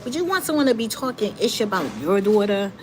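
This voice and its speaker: A woman's voice: medium pitch, fast talker. Candid middle-aged woman, noisy stream. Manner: candid, animated, talks straight to viewers. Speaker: livestream host. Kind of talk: casual commentary monologue. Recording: noticeable background noise.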